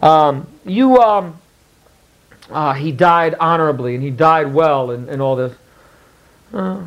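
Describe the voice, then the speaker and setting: A man's voice: fairly high pitch, lively intonation, takes it slowly, pauses often, poor audio. A male history teacher telling a story to his class in a chatty, rambling way. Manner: chatty, rambling, many fillers and restarts.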